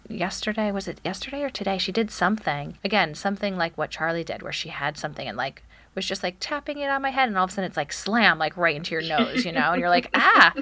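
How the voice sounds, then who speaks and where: A woman's voice: lowish voice, animated, quick pace, fairly bright tone, no room sound. A woman in her thirties in casual chat, telling stories about her toddler and acting out quotes. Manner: chatty, acts out quotes of her child. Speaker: podcast co-host, mother of a toddler.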